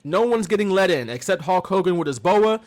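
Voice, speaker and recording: Lively, animated male podcast co-host. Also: high-pitched, a little fast. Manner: animated storytelling, mocking quotes, frequent laughs. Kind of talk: casual wrestling recap chat.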